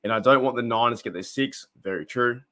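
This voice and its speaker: Speaking fast with a bright, forceful tone, this medium-pitched young Australian man runs a casual stream. He reacts to a game, wanders from topic to topic, and reads viewers' chat messages aloud.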